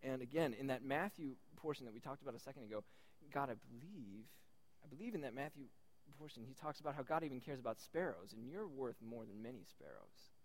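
A man giving a lively sermon to a young group, retelling a Bible story with incredulous asides and laughs. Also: mid-range voice, fast talker.

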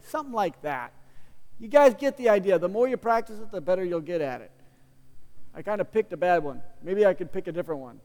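A man's voice: high voice, lively intonation, normal speed, in a large hall. A man preaching a sermon as a pastor, teaching in a casual, conversational way with frequent restarts and playful asides.

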